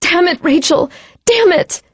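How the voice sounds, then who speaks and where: A frantic young woman pleads and screams through tears, her voice leaping high and cracking with panic, as a woman narrator puts her on. Each cry is close and dry, with no room around it. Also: normal speed, no echo, natural voice. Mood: desperate, tearful. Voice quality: cries and shouts in panic. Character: frantic woman trying to revive her friend. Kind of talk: audiobook character voice.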